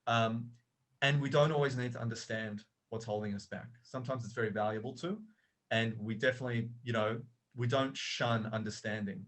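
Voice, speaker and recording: A man's voice: mid-range voice, fairly even intonation, brisk, a bit bright. A middle-aged man, a coach and author, telling a story as a podcast guest, with many restarts and fillers.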